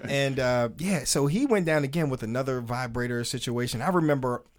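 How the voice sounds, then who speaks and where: A man's voice: mid-range voice, a little fast. A man hosting a casual chat, loose and joking, often laughing as he talks.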